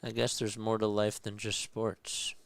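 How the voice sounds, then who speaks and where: A young man calls a ballgame in a hushed, calm radio style, reading chat between pitches. His voice is deep and gravelly yet smooth. The sound is dry and close to the mic. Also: a little slow, dry recording. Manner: reads chat messages aloud between pitches. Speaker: play-by-play host.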